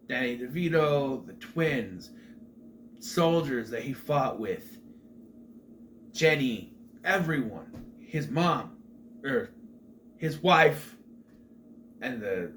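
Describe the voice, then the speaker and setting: With a mid-range, fairly bright voice, this middle-aged movie review host rambles through a casual film recap, full of chatty asides and restarts. There's faint background noise.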